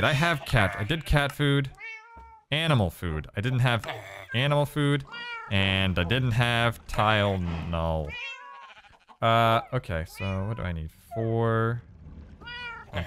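Animated man narrating his gameplay. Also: medium pitch, takes it slowly, pauses often, noisy background. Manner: animated, exclaiming, talks to himself. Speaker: let's play gamer. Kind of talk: casual gameplay commentary.

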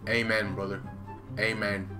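A young Irish man putting on a low, hushed, mock-solemn preacher voice to pray for help in his game. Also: level tone, a little slow, music in the background, natural voice. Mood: mock reverent. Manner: hushed, reverent mock prayer.

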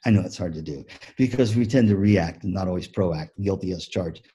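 A man giving a motivational keynote talk on music teaching, an animated storyteller who acts out the story. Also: deep voice, fairly quick, husky. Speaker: music education speaker.

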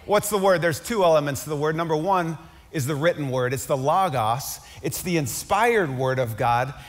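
A man preaching a sermon as pastor, swinging from loud, fervent climaxes to quiet, conversational asides. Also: fairly high pitch, normal speed. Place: large church hall. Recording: long hall reverb.

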